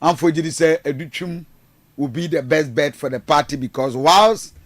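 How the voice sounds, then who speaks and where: At a moderate pace, a man with a fairly high voice hosts a radio show, recorded dry in the studio. He goes over the news switching between English and Twi, peppering it with fillers and restarts.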